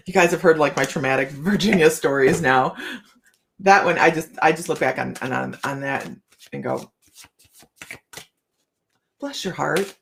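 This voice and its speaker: A woman's voice: deep voice, a little slow, vocal fry, pauses often, a little hiss or hum. A middle-aged woman hosting a casual live chat, reading cards and talking to viewers by name, laughing often. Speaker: livestream host reading tarot cards.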